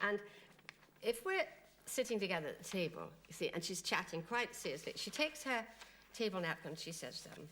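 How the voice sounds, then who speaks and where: A woman guest on a TV chat show, telling animated anecdotes and laughing often. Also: medium pitch, normal speed, noisy background. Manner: giggly, animated storytelling with frequent laughs. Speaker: guest impressionist. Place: TV studio.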